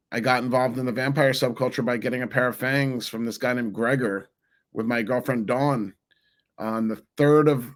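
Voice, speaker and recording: A man in his forties from New Jersey, a podcast guest telling stories in an animated, rambling way with many restarts. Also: medium pitch. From New Jersey, USA. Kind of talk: casual interview storytelling.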